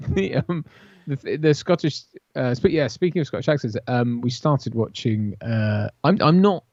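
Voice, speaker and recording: A man's voice: medium pitch, expressive, a little slow, a little mellow, dry recording. A British man co-hosting a casual chat, talking in hesitant, wordy stretches with dry humour. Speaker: podcast co-host. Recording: slightly dull sound.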